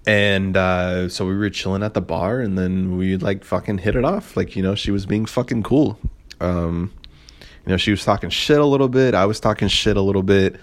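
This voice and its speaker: A man's voice: deep voice, moderate pace. A young man hosting a podcast, telling a story in a rambling, profane, filler-heavy way with a sarcastic edge. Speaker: podcast host. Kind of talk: casual storytelling monologue.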